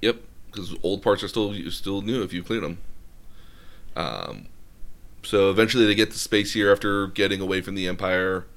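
Deep voiced guy rambling thru a movie plot, lots of ums and uhs. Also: normal speed, fairly bright tone. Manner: rambling with many fillers. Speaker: host retelling a film plot. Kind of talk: casual chat.

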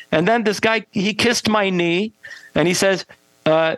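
Rambling man with fillers, slightly high voice. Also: no echo, rough recording. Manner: rambling, halting, with many fillers and restarts; animated, acts out quoted people. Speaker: guest, band frontman. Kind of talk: casual interview storytelling.

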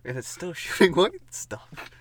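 A man improvising a comedic horror story as he goes, giggling often and dropping into a hushed whisper for the spooky parts. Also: high voice, big pitch swings, a little slow, crowd noise. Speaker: podcast co-host narrating an improvised story.

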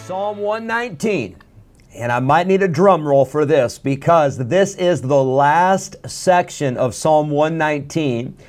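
A man's voice: on the high side, lively intonation, a little slow, soft background music. Chatty man teaching a Bible lesson. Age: adult. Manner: folksy, chatty, many uh fillers.

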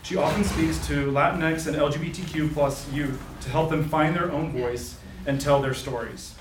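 A man hosts a live reading and introduces the next guest in a casual way, with fillers and asides. His voice is slightly higher than most and sounds distant in a roomy space, with faint ambience. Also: steady tone, moderate pace, a little hiss or hum. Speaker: event host. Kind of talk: introducing a speaker. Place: live literary event indoors.

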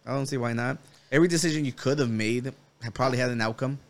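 A man on a podcast who breaks in with quick jokes and teasing remarks. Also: medium pitch. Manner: quick joking interjections. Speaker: podcast co-host. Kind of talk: casual chat.

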